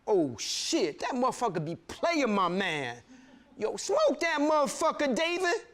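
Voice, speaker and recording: A man voicing a rowdy teenage boy in a crowd, jeering in loud street slang to egg on a fight. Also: high-pitched, huge pitch swings, a little slow, pitched above the performer's own voice, full character voice.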